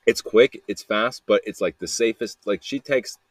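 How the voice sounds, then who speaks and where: A man's voice: fairly low pitch, moderate pace, dry recording. A man talking in a casual, rambling confessional monologue, repeating himself and tossing in "man" and "dude" with plenty of swearing. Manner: rambling and repetitive, peppered with "man" and "dude", profane. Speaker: podcaster sending a voice message.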